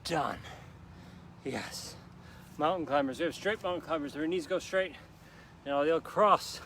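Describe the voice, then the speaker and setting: Breathless and sweating, an upbeat male workout coach leads viewers on the grass of an outdoor park, pushing them with countdowns. His voice is a little high, a little slow, and a bit bright, with some hiss or hum in the audio.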